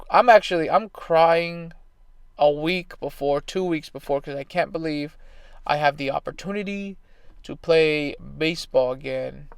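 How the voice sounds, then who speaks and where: A baseball player and coach in his thirties spins a rambling, emphatic story in casual conversation. His slightly high, gravelly voice still comes across smooth and clear, captured in a dry, close recording.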